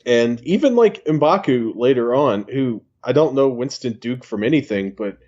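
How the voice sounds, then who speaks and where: Man, middle pitch, muffled lo-fi mic, podcast co-host, measured casual film talk. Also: animated, darkish tone. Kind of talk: casual film review chat.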